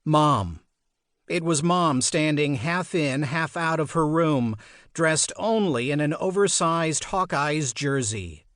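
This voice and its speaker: Slow, expressive male audiobook narrator. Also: on the high side, no room sound, studio quality. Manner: measured, expressive storytelling. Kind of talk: scripted narration.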